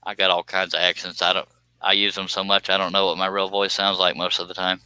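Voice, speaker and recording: A man's voice: low-pitched, flat delivery, quick pace, bright, forceful tone, clear, resonant tone, no room sound. A man with a Southern US accent chatting casually to viewers on a phone live stream, rambling and self-deprecating with frequent chuckles.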